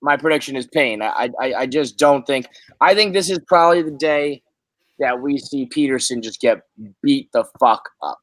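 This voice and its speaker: A man's voice: mid-range voice, normal speed, a bit bright, dry recording. A man hosting a casual sports podcast from an office, profane and exasperated as he talks. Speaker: podcast host.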